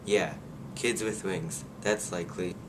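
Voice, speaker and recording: A man's voice: sits low, steady tone, unhurried, background noise. A young man reading aloud the lines of a sarcastic teenage girl from a novel, in a mocking tone.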